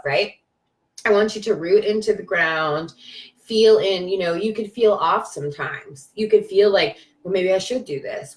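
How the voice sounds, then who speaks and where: A woman delivers a casual spiritual pep talk on a live stream. She is emphatic and repeats herself, breaking into cheers and swearing. Her voice sits at a middling pitch and sounds distant, in a roomy, echoing space. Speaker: spiritual life coach on a live video.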